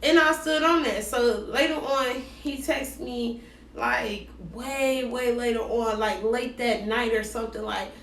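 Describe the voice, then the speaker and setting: A woman telling a dating story in a casual, slangy, animated way, acting out both sides of the conversations. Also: fairly high pitch, unhurried, recorded from a distance, a little hiss or hum. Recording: roomy echo, voice set back from the mic.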